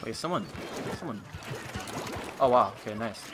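A man streaming a game live, chatting casually with viewers and teammates, excitable and humming along. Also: medium pitch, normal speed, over loud music. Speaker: gaming streamer.

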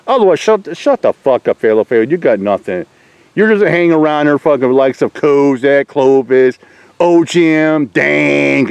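On a dry, low-quality recording, a middle-aged man with a slightly high, darkish voice goes off at his critics online. The YouTuber's profane rant to camera is full of taunts and mocking laughter.

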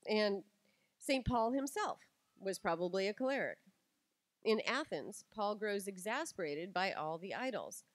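Animated middle-aged woman giving a talk. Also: medium pitch, unhurried, no echo. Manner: animated storytelling, acts out quotes. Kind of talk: lively talk to an audience.

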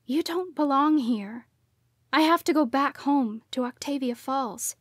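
A woman's voice: high voice, measured pace, no echo, studio quality. A woman voicing a grieving young woman, tearful and pleading, breaking into cries. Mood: distraught.

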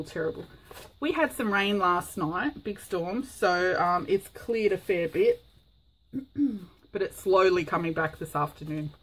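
A woman talks through a crafting project in a casual vlog. She rambles in a chatty way, filling gaps with ums, at a middling pitch. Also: slight background noise, rough recording. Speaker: craft vlogger.

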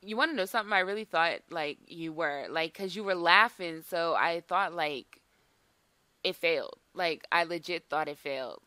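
A young woman hosting a gaming video in casual chat, excitable, swearing and saying "like" a lot. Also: lowish voice, moderate pace, smooth, dry recording. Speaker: gaming channel host.

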